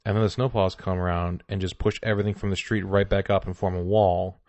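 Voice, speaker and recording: A man's voice: low-pitched, level tone, fairly quick, darkish tone, dry recording. A man hosting a comedy podcast, telling a rambling, joking story full of "like". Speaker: podcast host. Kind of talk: casual comedy chat.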